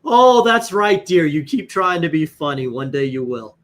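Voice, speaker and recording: A man's voice: fairly high pitch, big pitch swings, normal speed. Man doing a tart elderly actress. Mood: teasing. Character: impression of a sharp-tongued elderly actress, teasing.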